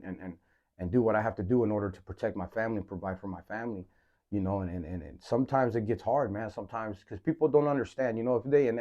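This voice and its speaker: A man with a lowish, mellow voice talks candidly as a podcast host. He speaks haltingly, restarting phrases and tucking in "man" and "you know". The recording sounds a little dull and muffled. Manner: halting, repeats words, says "man" often. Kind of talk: candid personal monologue.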